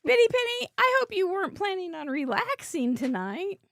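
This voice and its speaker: A bubbly woman hosts a live crafting show, chatting and laughing as she works. Her high voice swoops up and down with a gravelly fry underneath. The sound is close and dry. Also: sing-song, moderate pace, a bit bright, no echo. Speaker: host. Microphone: headset earbud.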